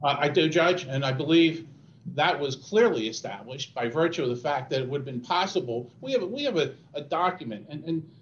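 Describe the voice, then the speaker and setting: A man, an attorney, giving a formal oral argument in court, measured and often restarting his phrases. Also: fairly high pitch, lively intonation, echoey room, highs cut off, slight background noise. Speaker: attorney arguing an appeal.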